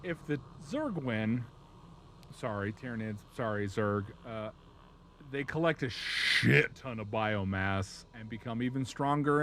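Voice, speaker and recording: A man's voice: medium pitch, measured pace. Profane, rambling man streaming. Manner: profane, rambling, animated storytelling. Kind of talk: casual live-stream chat.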